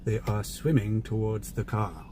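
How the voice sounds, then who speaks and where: A man putting on a British accent, playing an older nature documentary narrator with slow, soft, reverent narration from inside a car. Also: lowish voice, slight background noise, voice pushed down, lightly acted. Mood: hushed. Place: inside a parked car by a pond.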